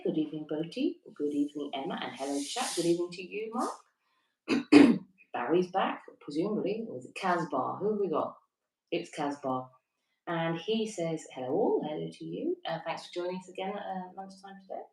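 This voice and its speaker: A woman's voice: deep voice, a little mellow. A woman co-hosting an evening livestream from a holiday stay in Wales, chatting casually, giggling and reading viewer comments aloud. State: stiff neck. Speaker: livestream co-host. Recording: roomy echo, distant from the mic.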